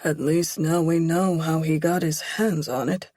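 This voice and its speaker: A woman narrator voicing a calm, wry, cynical man in an audiobook. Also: low-pitched, measured pace, no room sound. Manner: wry, detached.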